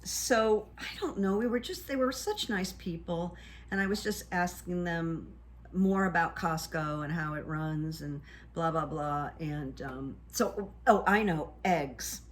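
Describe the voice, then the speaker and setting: An older woman talks to her viewers in a relaxed, rambling vlog, dropping ums and uhs as she goes. Her voice sits a little low for a woman, and she tells the story in a chatty, unhurried manner. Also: a little hiss or hum. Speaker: vlogger and hypnotherapist. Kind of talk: casual storytelling to camera.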